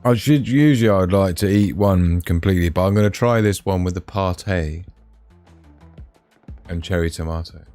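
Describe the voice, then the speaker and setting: A man's voice: sits low, normal speed, a little mellow, no room sound, soft background music. A man hosting a live stream, chatting to viewers in a rambling, casual way. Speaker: livestream host.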